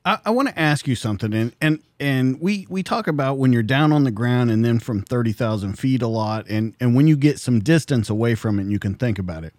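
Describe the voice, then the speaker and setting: A man's voice: mid-range voice, lively intonation, fairly quick, hardly any pauses, darkish tone, no room sound, studio quality. Man host asking a thoughtful question. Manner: reflective, repeats words as he builds a question. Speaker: podcast host. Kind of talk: interview question.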